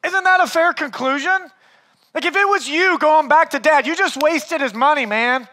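A man preaching a sermon as pastor, conversational and animated, swinging between loud and hushed, and often calling listeners "man". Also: very high-pitched, moderate pace.

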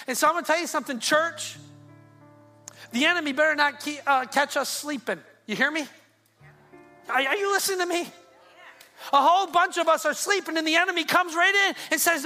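A man's voice: very high-pitched, a little fast, long pauses, sharp tone, soft background music. A male pastor preaching a sermon, fervent and repetitive, with a driving preaching cadence.

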